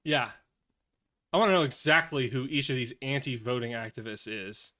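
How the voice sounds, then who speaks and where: A man talks through the day's headlines on a live stream, cursing as his temper flares. His voice is bright and edged, and it drops into low, tired mumbles between the outbursts. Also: normal speed. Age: adult, has children. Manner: profane, swings from angry rants to weary mutters. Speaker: streamer reacting to news. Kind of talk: casual live commentary.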